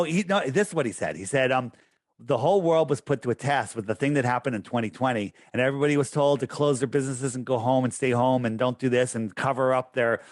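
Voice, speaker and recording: In casual interview talk as a podcast guest, a man with a medium-pitched voice wanders off track and loses his thread, then drives his points home in an emphatic, preachy manner. The audio has no echo.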